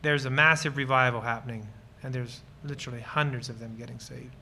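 Earnest man with a bright, forceful voice. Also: medium pitch, fairly even intonation, a little fast, creaky, a little hiss or hum. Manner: earnest and enthusiastic, telling personal stories; acts out short bits of dialogue while explaining. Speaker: guest speaker on ministry. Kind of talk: church talk with audience questions.

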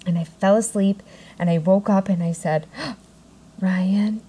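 A woman co-hosting a podcast, chatting casually and telling animated stories, acting out what people said. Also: mid-range voice, moderate pace, poor audio. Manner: chatty storyteller, acts out quotes with whispers and laughs. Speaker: podcast co-host. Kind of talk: casual chat.

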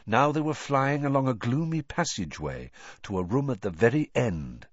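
A man narrating a storybook in expressive, dramatic storytelling. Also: medium pitch, normal speed, no room sound. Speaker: audiobook narrator. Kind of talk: scripted narration. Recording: dull dry lo-fi recording.

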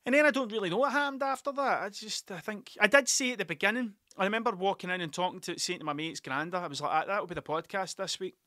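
A man rambles through a story, swearing freely and laughing at his own tales. His voice sits a bit high and sounds bright and forceful. The recording is dry and close, with no room sound. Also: fast, hardly any pauses, dry recording. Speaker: podcast host. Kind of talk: casual storytelling monologue.

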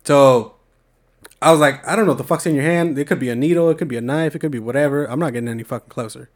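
A man's voice: mid-range voice, fast talker. Young guy from the bay area telling a story, super casual slangy talk, cusses a lot. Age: young adult. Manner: laid-back slangy storytelling with heavy swearing.

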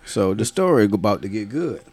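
A man's voice: fairly low pitch, very animated, fairly quick, a little mellow. A man hosting a podcast, telling a long story in a casual, profane way and laughing often. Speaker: podcast host.

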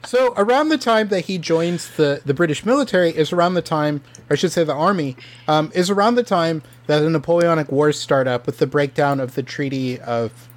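A man casually telling a history story on a podcast, full of ums, likes and restarts. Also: a little high. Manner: rambling, many fillers and restarts. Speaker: podcast co-host presenting history.

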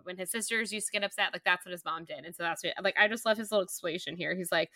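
A woman's voice: fairly low pitch, very fast, bright, forceful tone, no echo. A woman co-hosting a podcast, gushing in chatty, casual talk full of "like". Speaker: podcast co-host. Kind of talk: casual book-club chat.

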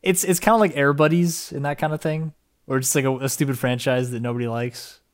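Young man co-host, chatty and excitable, drifts off-topic and swears casually. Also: medium pitch, brisk. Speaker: podcast co-host. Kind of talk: casual podcast chat.

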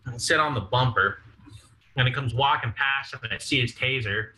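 Here a young man on a podcast shares rowdy stories in a casual, profane way, laughing as he acts out what others said. He speaks at normal speed in a mid-range voice that sounds pushed and bright, over poor audio.

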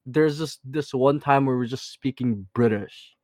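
A young man co-hosting a podcast in slangy casual chat, laughing often and talking in quick bursts. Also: medium pitch, darkish tone, no room sound, clean studio sound. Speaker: podcast co-host.

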